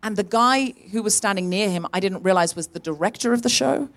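Woman on stage at a live comedy podcast, animated storyteller, pitch leaping up when she plays other people. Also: a little fast. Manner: lively, animated storyteller who acts out quoted people. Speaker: podcast host. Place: on stage in a tent before a live audience.

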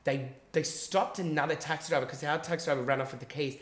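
A man telling a long personal story in casual chat on a podcast. He is animated and swears freely, and he acts out the quotes in his story. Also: fairly high pitch, fast talker, reverberant.

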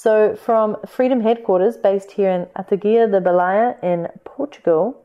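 A woman's voice: medium pitch, normal speed, few pauses, muffled recording. A woman with a New Zealand accent hosting her own podcast, talking in an upbeat, chatty way straight to her listeners. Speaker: podcast host. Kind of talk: solo podcast monologue.

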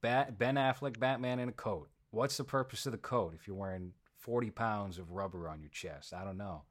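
Opinionated man in a low voice. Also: normal speed. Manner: opinionated, sarcastic asides. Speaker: podcast host. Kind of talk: casual movie review chat.

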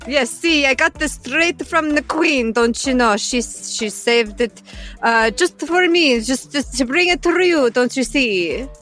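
A woman's voice: high voice, expressive, unhurried, fairly bright tone, faint music behind, voice pushed up. A woman voicing a fake-posh market trader with a pompous, hesitant sales patter.

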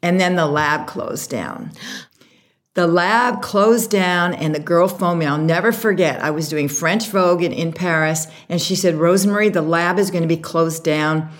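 A woman being interviewed about starting her makeup brand, telling the story with lively, acted-out quotes. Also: fairly low pitch, moderate pace. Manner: animated storyteller, acts out quotes. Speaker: guest, makeup artist and brand founder.

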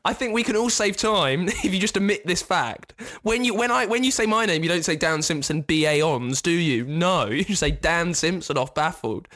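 Teasing podcast host, lively pitch. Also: male voice. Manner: teasing, quick, sardonic. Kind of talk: casual chat.

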